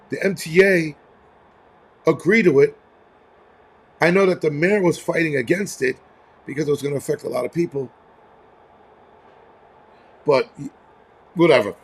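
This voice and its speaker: A man's voice: on the high side, moderate pace, pauses often, slightly rough. A man hosting a casual livestream, ranting bluntly with a lot of swearing and rambling asides. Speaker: livestream host. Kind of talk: casual angry livestream rant. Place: home near a terrace.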